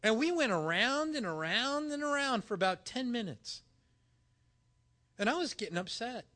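A man preaching with a high, bright voice. He tells stories animatedly, acting out both sides of a conversation. The voice stays clear and forward throughout. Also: moderate pace. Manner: animated storytelling, acting out dialogue. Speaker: pastor. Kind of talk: sermon with personal story.

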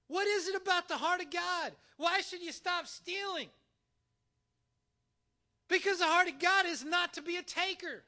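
A man preaching a sermon in a church, animated and emphatic, using dramatic pauses. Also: very high-pitched. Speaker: pastor.

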